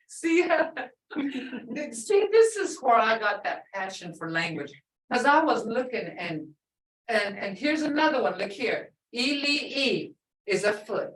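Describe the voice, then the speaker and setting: A woman's voice: mid-range voice, lively intonation, a bit bright, far from the mic. Patient woman teaching, echoey and off-mic. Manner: patient, repeats words slowly to show tone. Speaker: language teacher. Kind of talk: classroom language lesson.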